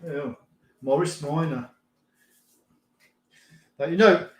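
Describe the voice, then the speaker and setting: A middle-aged man chats loosely on his live stream, laughing often and swearing mildly as he reads out comments. His voice sits a little higher than most men's. The room around him gives a clear echo. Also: darkish tone. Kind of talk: casual chat reading viewer comments.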